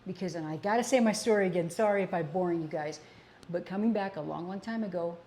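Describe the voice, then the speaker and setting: A woman's voice: lowish voice, quick pace, dark tone, a little hiss or hum. An older woman co-hosting a casual political talk show, speaking earnestly and repeating points for emphasis. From American Southwest. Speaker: co-host.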